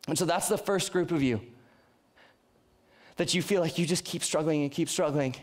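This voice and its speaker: A man's voice: fairly high pitch, moderate pace. A young man preaching a youth sermon in an earnest, conversational way, often restarting his sentences. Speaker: youth pastor.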